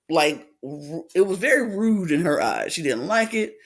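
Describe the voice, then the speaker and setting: A man with a high voice retells reality-TV drama as a podcast co-host. He acts out what people said and swings his pitch up and down a lot. It sounds like casual chat. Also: big pitch swings, takes it slowly, fairly bright tone.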